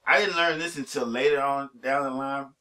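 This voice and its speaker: A man's voice: mid-range voice, fairly even intonation, normal speed, pushed and bright, far from the mic. A man hosting a podcast interview, prompting his guest with short encouraging remarks and follow-up questions. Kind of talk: casual interview chat.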